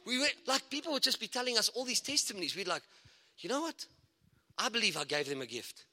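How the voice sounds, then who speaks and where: Guest preacher, male, high bright voice, swoops around a lot, long church-hall reverb. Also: quick pace. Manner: animated, excitable preaching with asides and laughs. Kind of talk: sermon.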